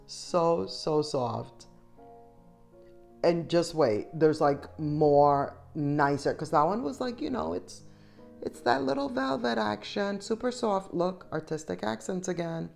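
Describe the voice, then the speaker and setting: A middle-aged woman with a low voice chats eagerly with her viewers while she shops. She talks to them directly and warmly. Soft music plays faintly under her voice. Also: animated, takes it slowly, creaky. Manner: chatty, enthusiastic, addresses viewers directly. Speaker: shopping vlogger. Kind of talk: casual shop-with-me voice-over.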